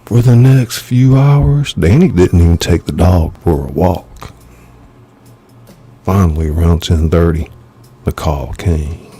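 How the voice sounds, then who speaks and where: A man, an author, reading his own thriller novel aloud in measured, dramatic storytelling. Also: low-pitched, mellow, husky, faint music behind. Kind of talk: live audiobook narration.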